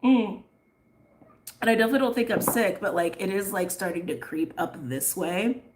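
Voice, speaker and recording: A woman reading tarot and chatting casually on a livestream, rambling and laughing often, her voice a little hoarse. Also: mid-range voice, quick pace, noisy background. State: slightly hoarse. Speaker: tarot reader.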